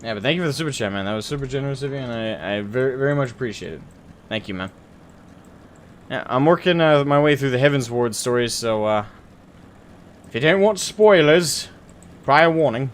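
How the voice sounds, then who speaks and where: A man's voice: mid-range voice, expressive, brisk, pauses often, a little hiss or hum. A man streaming a video game, chatting casually and thinking aloud, with lots of fillers and restarts. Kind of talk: casual gameplay stream chat.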